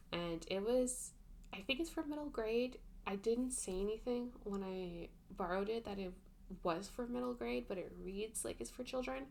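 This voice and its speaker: A young woman talks through her monthly reads in a loose, rambling way, piling on fillers and exasperated asides. Her voice sits at a middling pitch with a noticeable gravelly fry. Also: a little hiss or hum. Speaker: book vlogger. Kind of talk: casual book review rant.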